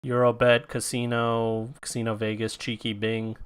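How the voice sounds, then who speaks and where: A man's voice: medium pitch, completely flat delivery, normal speed, smooth. A young man co-hosting a video game podcast, laid-back and swearing freely in casual chat. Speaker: podcast co-host.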